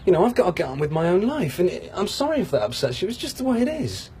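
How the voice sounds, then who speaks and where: A man's voice: high voice, sing-song, fast, very noisy. A man playing a bitter, self-pitying dumped man who rambles sarcastically.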